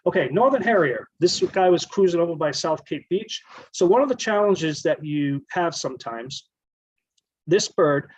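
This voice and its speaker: A man presents a casual slideshow on photography, his voice sitting a little high. He explains things loosely and often backs up to rephrase. The sound is dull and lo-fi, with no room echo at all. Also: lively intonation, normal speed, husky. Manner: explanatory, rambling, self-correcting.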